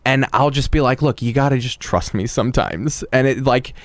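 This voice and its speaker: A man guesting on a podcast, telling stories in casual chat with an animated manner and plenty of casual swearing. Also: mid-range voice, normal speed, no room sound.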